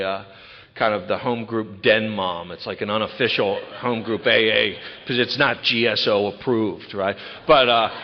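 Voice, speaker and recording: A man's voice: medium pitch, vocal fry. A man in his thirties from Maryland telling his recovery story candidly to a large gathering. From Ocean City, Maryland. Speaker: recovery speaker. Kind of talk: personal testimony talk. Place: large event hall. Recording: echoey hall, dull lo-fi sound.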